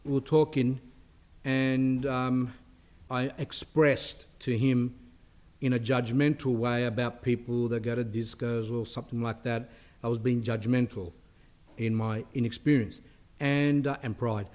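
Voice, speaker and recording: A middle-aged man delivers a spiritual talk to listeners in an easygoing, conversational way. He often restarts his sentences and drifts into short asides. His voice sits at a medium pitch. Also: steady tone, measured pace, a little mellow. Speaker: priest giving a talk.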